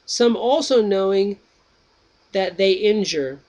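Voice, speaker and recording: A man voicing Menon, a young Greek student, reading his replies slowly and with emphasis. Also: sits high, expressive, darkish tone, voice pushed up, rough recording. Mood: eager.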